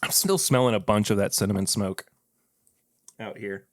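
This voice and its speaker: A man's voice: fairly low pitch, moderate pace, no room sound, clean studio sound. A man hosting a podcast, chatting casually and joking while tasting whiskey. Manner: relaxed, joking, laughs often. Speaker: podcast host.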